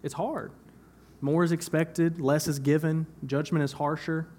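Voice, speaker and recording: A man's voice: on the high side, little pitch movement, a little slow, darkish tone. A young man preaching a sermon in church, talking conversationally, repeating phrases for emphasis and laughing at himself now and then. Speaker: pastor.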